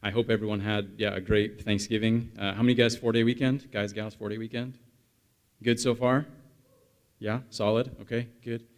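Male pastor, 30s, lowish voice, relaxed storytelling sermon with asides to the room. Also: normal speed. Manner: chatty storytelling with the congregation, animated asides. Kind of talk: conversational sermon.

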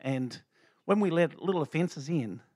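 A man's voice: a little high, expressive, normal speed, a little mellow, no echo. A middle-aged man giving an informal church testimony, talking loosely with many fillers and restarts. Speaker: lay speaker sharing a testimony.

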